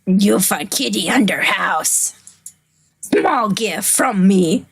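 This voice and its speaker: A woman voicing an odd female visitor who speaks in slow, broken phrases. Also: mid-range voice, creaky, husky, pitched below the performer's own voice, heavily acted. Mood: cold. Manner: slow, broken English, curt and flat. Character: strange woman claiming to dance ballet.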